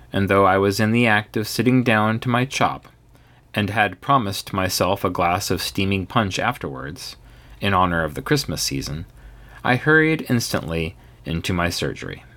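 A man narrating a Victorian ghost story in the first person, with a measured, theatrical delivery. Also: lowish voice, a bit bright.

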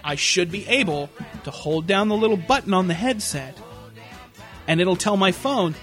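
A young man ranting in a casual comedic way, swearing a lot and acting out shouted impressions. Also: sits high, normal speed, faint music behind. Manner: profane, animated, yells impressions of people.

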